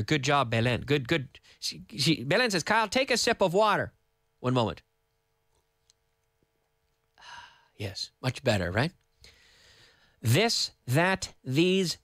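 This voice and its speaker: A man from Nova Scotia teaching English on live radio from a studio microphone, patiently repeating words slowly for learners. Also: on the high side, a bit bright, no room sound. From Canada (Nova Scotia).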